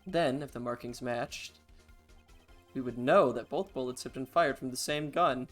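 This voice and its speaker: A man voicing an earnest young male defense attorney from a video game, reading in a measured tone. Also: mid-range voice, fairly bright tone, soft background music, lightly acted. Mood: firm.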